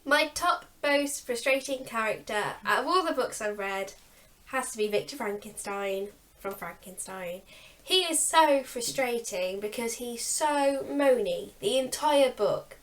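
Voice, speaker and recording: Chatty young woman, bookish vlogger. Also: on the high side. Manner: chatty, laughs often, exasperated about characters. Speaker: book channel co-host. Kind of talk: casual chat.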